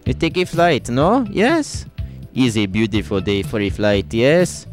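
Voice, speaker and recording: A man voicing a jaunty adult male French pilot in a mock French accent, speaking halting broken English full of questioning tags. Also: mid-range voice, big pitch swings. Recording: music playing loudly behind.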